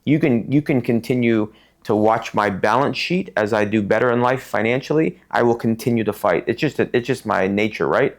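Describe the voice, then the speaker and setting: A middle-aged man from Tucson, a podcast guest telling stories in an animated way and acting out the people in them. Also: medium pitch, a little fast. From Tucson, Arizona. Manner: animated, acts out voices in his stories. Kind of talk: casual storytelling interview.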